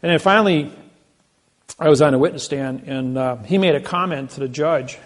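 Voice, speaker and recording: A man telling boastful stories to an audience, animated, with many restarts. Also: on the high side, moderate pace. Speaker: seminar speaker. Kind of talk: storytelling talk to an audience.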